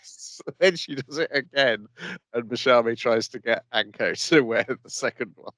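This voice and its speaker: A man's voice: medium pitch, measured pace, a bit bright, no room sound. A man co-hosting an anime podcast, casually summarizing plot points and chuckling as he goes. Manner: laid-back, plot-summarizing, chuckles through his lines. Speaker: podcast co-host. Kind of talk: casual chat recapping an anime.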